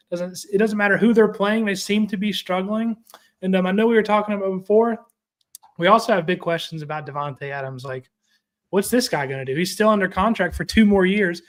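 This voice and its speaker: A young man with a notably high voice talks football on a casual show. He rambles, restarts his sentences and spells out words for emphasis. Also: a bit bright. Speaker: sports show co-host. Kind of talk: casual sports talk.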